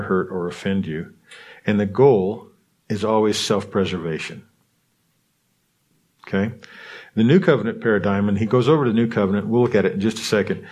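Lowish guy on a podcast explaining a book, loose chatty teaching, restarts his sentences a lot. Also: darkish tone. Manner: restarts phrases, checks in with listeners. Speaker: podcast host. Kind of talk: casual teaching talk, reading a book aloud.

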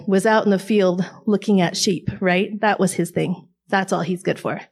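A woman's voice: medium pitch, steady tone, normal speed, few pauses. A woman speaking in an online faith group, talking in a wry, conversational storytelling way. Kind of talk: casual faith talk.

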